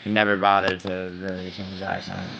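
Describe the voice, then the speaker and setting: A man's voice: sits low, monotone, fairly quick, gravelly, muffled recording, background noise. A man hosting a livestream in casual chat with his viewers, brash and profane, trash-talking and bragging. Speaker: livestream host.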